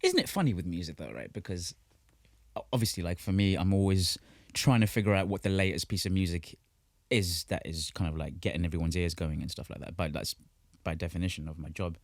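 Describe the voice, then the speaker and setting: A man from co-hosting a casual podcast chat, laughing often and jumping up in pitch when he gets excited. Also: fairly quick, dry recording. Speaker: podcast co-host.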